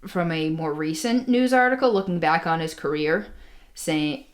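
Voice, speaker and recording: A woman's voice: low voice, normal speed. A woman co-hosting a casual podcast, telling a history story with many ums and restarts. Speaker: podcast co-host.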